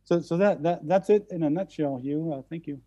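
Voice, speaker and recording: Mellow-voiced man telling stories haltingly. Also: fairly high pitch, lo-fi sound. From central United States. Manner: halting, repeats words often. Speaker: guest speaker. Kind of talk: storytelling in conversation.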